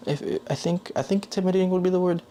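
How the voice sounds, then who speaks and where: With a high-pitched, warm voice, a young man races through a casual, rambling vlog, and a faint hiss or hum runs underneath. He corrects himself often and leans on "like" to fill gaps.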